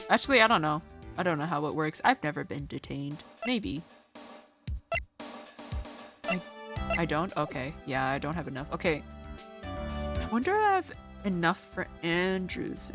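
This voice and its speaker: A woman streaming a video game, thinking aloud in a chatty way full of "like"s. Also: sits low. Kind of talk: casual game stream commentary.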